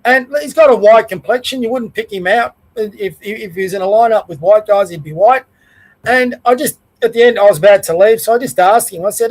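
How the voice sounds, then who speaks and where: High-voiced Australian man ranting casually. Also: a little fast, low-quality recording. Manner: rambling, conversational, plain-spoken. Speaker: podcast host. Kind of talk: casual political rant.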